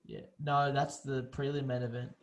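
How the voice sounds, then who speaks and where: A man's voice: medium pitch, little pitch movement, moderate pace, a crowd in the background, poor audio. A young man co-hosting a podcast, chatting loosely about fights and swearing freely. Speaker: podcast co-host. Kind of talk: casual sports chat.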